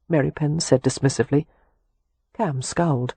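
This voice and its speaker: A man reading an audiobook in a measured, even scripted narration. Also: fairly high pitch, slightly rough, dry recording.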